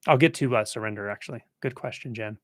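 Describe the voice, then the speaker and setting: A man teaching in a relaxed, conversational way, thinking aloud as he answers a viewer's question on a live stream. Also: medium pitch, fast talker, no room sound, studio quality. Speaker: spiritual teacher hosting a live Q&A. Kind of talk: casual spoken teaching.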